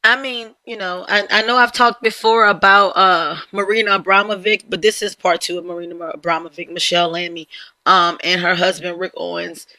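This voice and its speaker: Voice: medium pitch, fairly even intonation, brisk, sharp tone, slight background noise. A reaction video host giving casual commentary, hesitant and full of ums, calling viewers y'all.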